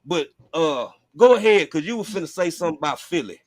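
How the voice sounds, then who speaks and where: A man hosts a casual chat in a slightly high voice. He talks bluntly and profanely. The sound is dry and close, with no room in it. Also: animated, fairly quick, darkish tone, no room sound. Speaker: host.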